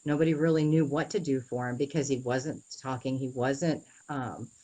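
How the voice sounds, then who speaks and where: A young adult woman with a notably low voice speaks in an interview. She tells her own story earnestly and haltingly, often pausing, restarting and filling gaps with "you know". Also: steady tone, dark tone, rough recording.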